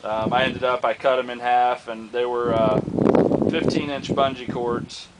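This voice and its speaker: A hobbyist vlogger casually shows off a target stand he built himself, in an outdoor show-and-tell full of fillers and restarts. His medium-pitched voice barely moves in pitch and keeps a measured pace. Heavy background noise fills the recording.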